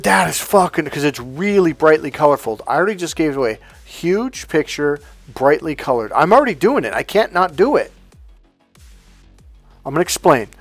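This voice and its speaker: A man delivers a heated, profanity-laced coaching monologue, jumping in to act out both sides of a couple's argument. His voice sits fairly high for a man. Faint music plays behind him. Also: no room sound. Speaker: relationship coach.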